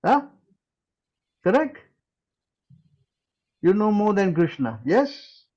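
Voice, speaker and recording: A man teaching in a question-and-answer session, forceful and scolding, who keeps asking "huh?" and "hello?". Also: high-pitched, big pitch swings, slow pace, highs cut off.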